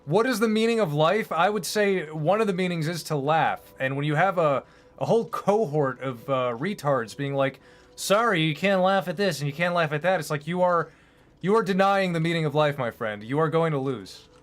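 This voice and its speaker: A man's voice: a little high, animated, moderate pace. A man streaming, chatting casually in a rambling, opinionated, profane way. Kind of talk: casual chat while streaming.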